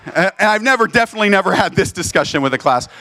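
A man, a teacher, telling a lively personal story in a casual way, often restarting and acting out the people he quotes. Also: high voice, very fast. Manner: animated, quoting others in voices, restarts often. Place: Lebanon.

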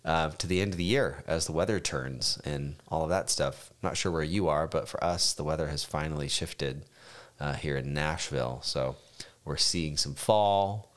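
A man co-hosting a casual home podcast, relaxed and rambling, his voice congested and a little raspy from a cold. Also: very deep voice, normal speed. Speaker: podcast co-host. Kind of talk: casual chat. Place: home dining room table.

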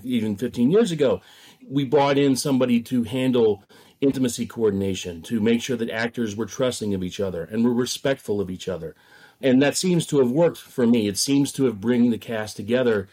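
A man, a theater director, being interviewed and talking in a measured, thoughtful way with frequent hedges. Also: mid-range voice, dark tone.

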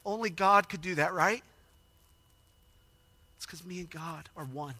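A man preaching a sermon, emotional and animated, acting out quoted lines with rising intensity. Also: high voice, a little slow, no echo. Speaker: pastor.

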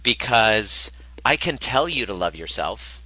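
A man with a lowish, sharp voice hosts a casual podcast monologue as a relationship coach, candid and a bit profane, restarting often. He's very animated at a measured pace, and the recording is rough but has no echo.

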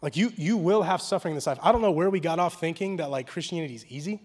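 Preaching casually and with slang, this pastor talks fast, almost racing, in a slightly high voice. He shifts from hushed and personal moments to loud, animated bursts.

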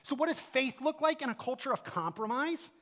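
A man's voice: extremely high pitch, animated, fairly quick, a bit bright. A man preaching a sermon as pastor, earnest and full of rhetorical questions, recorded in a church sanctuary. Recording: long hall reverb.

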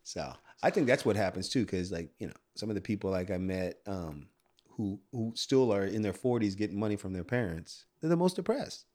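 A man's voice: on the low side, animated, fairly quick, darkish tone. A man co-hosting a podcast, talking casually and building on his partner's points. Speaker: podcast co-host. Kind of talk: casual chat.

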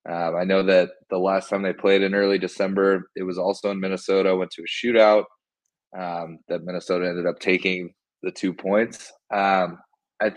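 A man's voice: low-pitched, no echo, poor audio. A man co-hosting a betting show, talking hesitantly with many ums. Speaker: co-host, hockey player. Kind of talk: casual betting analysis chat.

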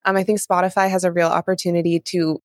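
Animated woman chatting on a podcast. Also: fairly low pitch, fast talker, no room sound, studio quality. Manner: animated, gushing, laughs mid-sentence. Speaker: podcast co-host. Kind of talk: casual chat.

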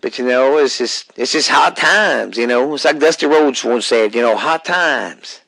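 A podcast co-host with a Louisiana accent rambles and drawls through a casual podcast, swearing freely and using lots of fillers. His mid-range voice is gravelly and fairly bright, at normal speed, in a rough recording with no room sound.

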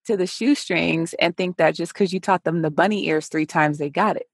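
A woman's voice: fairly low pitch, normal speed, no room sound, studio quality. A woman hosting a casual interview over a call, talking animatedly and acting out quoted dialogue. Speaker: podcast host. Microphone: remote call recording.

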